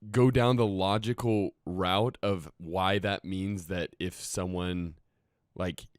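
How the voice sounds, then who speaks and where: This man has a lowish voice and a laid-back, friendly tone, nudging the others to keep going. The recording is dry and close-miked. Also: steady tone, slow, smooth, no room sound. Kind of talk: casual podcast discussion.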